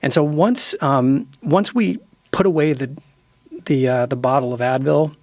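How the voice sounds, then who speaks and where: A man's voice: mid-range voice, unhurried, dry recording, studio quality. A man in his forties, an author and pastor, talking earnestly and with emotion about friendship and apology. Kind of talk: heartfelt conversation.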